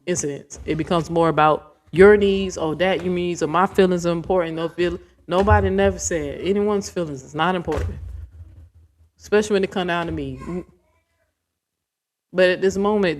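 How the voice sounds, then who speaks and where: A woman's voice: fairly low pitch, moderate pace. A woman ranting in a casual vlog, blunt and profane, rambling from point to point. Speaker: vlogger.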